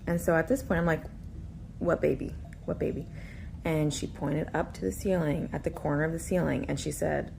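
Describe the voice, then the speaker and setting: A woman's voice: sits low, fairly quick, creaky, a little mellow, a little hiss or hum. A woman casually retelling a frightening babysitting experience in a tense, nervous way. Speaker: storyteller in a clip. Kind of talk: casual storytelling.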